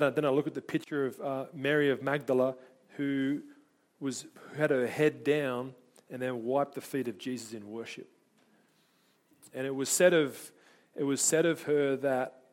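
A man's voice: medium pitch, darkish tone. A man preaching a sermon to his congregation, earnest and conversational, often repeating words as he restarts. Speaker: pastor.

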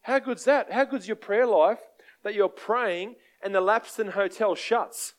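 Animated Australian preacher man, higher-pitched. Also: unhurried. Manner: animated, conversational, asks the crowd for amens. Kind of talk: sermon with storytelling.

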